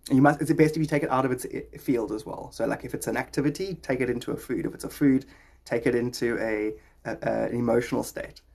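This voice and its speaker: A man's voice: mid-range voice, steady tone, fast talker, creaky, a little mellow. A man hosting a podcast, rambling in a jokey, philosophical way. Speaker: podcast host. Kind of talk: rambling casual talk.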